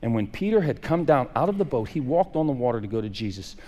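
A man preaching a sermon, swinging from raised emphasis to hushed, quiet lines. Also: mid-range voice, very animated, quick pace, long reverb tail. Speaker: pastor.

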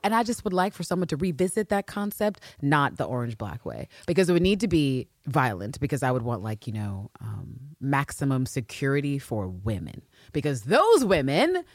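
A woman co-hosting a casual fan podcast, animated, swinging from loud exclaiming to hushed asides. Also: very deep voice, normal speed, hardly any pauses, no room sound, clean studio sound. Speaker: podcast co-host.

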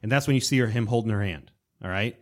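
A man co-hosting a casual podcast chat, excitedly retelling a story and acting out characters and sound effects. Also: on the low side, quick pace. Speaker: podcast co-host.

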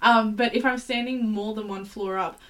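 A woman's voice: a little high, steady tone, moderate pace, a crowd in the background, poor audio. A woman co-hosting a podcast in casual chat, rambling with lots of fillers and restarts. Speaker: podcast co-host.

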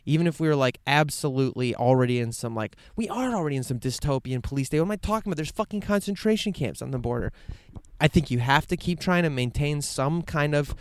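A man with a smooth, resonant voice rambles earnestly in an outdoor vlog. He swears freely, drifts between hushed musing and fired-up rants, and sits in a quiet meadow with a dry, close sound. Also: a little high, expressive, quick pace, dry recording. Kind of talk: casual outdoor vlog monologue.

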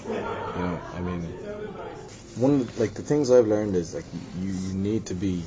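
A young Irish actor from Limerick chats casually in an interview at a hotel venue, rambling and self-deprecating about his acting work with many restarts. He speaks at normal speed with a crowd in the background, and the recording is noisy with a low rumble.

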